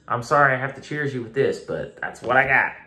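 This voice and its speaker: A man's voice: medium pitch, animated, a little fast, sharp tone. A man giving a blunt, casual beer review, repeating himself for emphasis and swearing now and then. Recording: echoey room.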